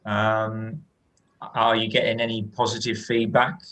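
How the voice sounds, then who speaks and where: A man's voice: on the low side, completely flat delivery, fairly bright tone, poor audio. A man asking a hesitant question on a video call. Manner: slow, hesitant. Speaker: meeting participant asking a question. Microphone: computer mic on a video call.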